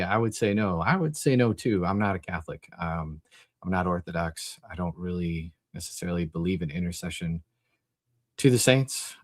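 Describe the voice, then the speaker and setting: A man's voice: lowish voice, dry recording. A man hosting a live call-in stream, reading chat and chatting casually, rambling with lots of fillers. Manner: rambling, thinks aloud with many fillers. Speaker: host of a Christian apologetics call-in stream.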